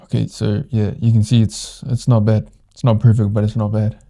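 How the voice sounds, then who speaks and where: A man with a low, gravelly voice walks through a software demo in an easygoing, offhand way. His delivery stays flat and even, with a dark, mellow tone. He thinks aloud as he types. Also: normal speed. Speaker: tutorial host. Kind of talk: casual screen-recorded software walkthrough.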